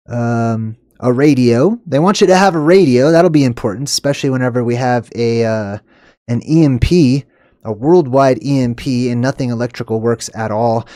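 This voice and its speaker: A man hosting an excited commentary on clips, emphatic and animated, with sharp upward jumps on stressed words and lots of "okay" and "all right". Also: medium pitch, no room sound, studio quality. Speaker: video host.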